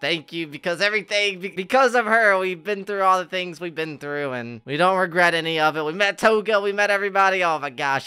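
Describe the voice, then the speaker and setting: A man's voice: high-pitched, lively intonation, moderate pace, sharp tone, smooth. A man reacting to an anime finale in casual, emotional commentary, exclaiming and laughing often. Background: anime soundtrack playing faintly.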